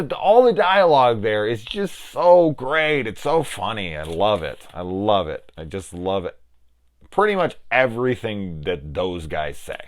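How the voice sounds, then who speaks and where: A young man with a low voice talks through a film review in loose, rambling fashion. He swears freely, leans on "like" and acts out bits of dialogue as he goes. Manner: rambling, profane, with lots of "like" and quoted dialogue. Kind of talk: casual spoken film review.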